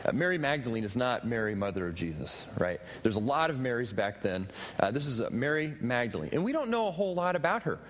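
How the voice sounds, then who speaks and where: Man, pastor preaching, lively pitch swings, emphatic questions, long echo of a hall, faint background noise. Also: quick pace, few pauses. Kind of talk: sermon.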